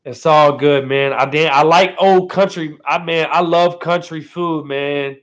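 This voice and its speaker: Male live streamer, casual, slightly high voice, easygoing chat from home, leans on "man", muffled lo-fi audio. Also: fairly even intonation, unhurried, fairly bright tone. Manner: laid-back, ends phrases with "man", keeps thanking viewers.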